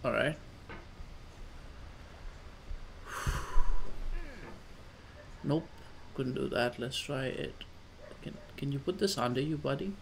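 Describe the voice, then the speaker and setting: A man doing casual let's play commentary, coaxing his character along with repeated calm-down phrases. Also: medium pitch, moderate pace, creaky, a little hiss or hum. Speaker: gamer.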